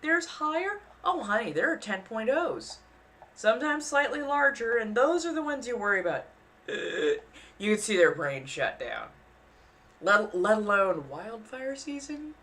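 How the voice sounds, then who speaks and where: Animated young woman chatting casually. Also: medium pitch. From US West Coast. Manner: animated, quick, self-mocking, acts out other people in exaggerated voices. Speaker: streamer. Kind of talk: casual livestream chat.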